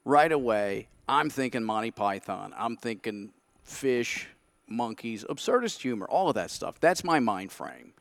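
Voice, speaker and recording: A man's voice: mid-range voice, expressive, unhurried, gravelly, no echo. A man, a podcast guest, telling his side of a story candidly and acting out his own thoughts in quotes.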